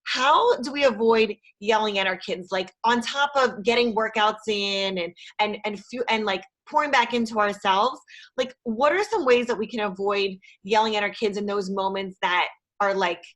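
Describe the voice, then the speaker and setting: A woman's voice: medium pitch, moderate pace, fairly bright tone. A woman in her thirties hosting a podcast, talking casually and openly with many fillers. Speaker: podcast host. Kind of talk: podcast interview.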